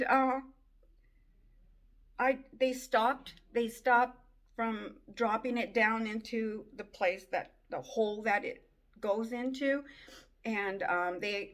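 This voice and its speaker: Woman, mid pitch, slow, halting and tearful, telling her own testimony. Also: steady tone. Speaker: person giving a personal testimony. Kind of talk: emotional personal testimony.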